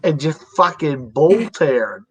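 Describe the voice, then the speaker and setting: A man's voice: a little high, animated, unhurried, slightly rough. A man rambling in slangy, sworn casual chat about cars. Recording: dull lo-fi audio.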